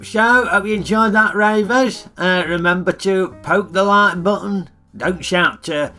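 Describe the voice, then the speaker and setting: A man's voice: high voice, a little slow, few pauses, bright, forceful tone, soft background music. A middle-aged man with a Northern English accent giving blunt, grumbling film reviews in a comic character vlog.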